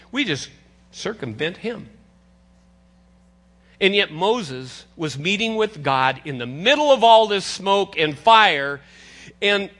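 An older male pastor delivers a sermon in a high, bright voice. His pitch swings widely as he talks to the congregation like old friends, teasing them along the way. The tone stays conversational rather than formal.

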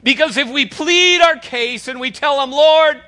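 An older man preaching a sermon as pastor, conversational and animated, teasing his congregation. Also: extremely high pitch, moderate pace.

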